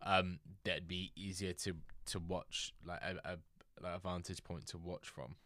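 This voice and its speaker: A man's voice: low voice, steady tone, moderate pace, bright, forceful tone, dry recording, clean studio sound. Rambling man at the game table. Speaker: player. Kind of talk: casual tabletop game chat.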